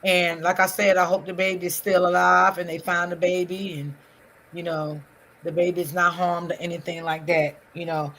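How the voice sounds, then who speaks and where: Woman, livestream host, bright voice, chatty and repetitive. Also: fairly low pitch, flat delivery, normal speed. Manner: chatty, repetitive, talks to her chat. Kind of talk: casual livestream commentary.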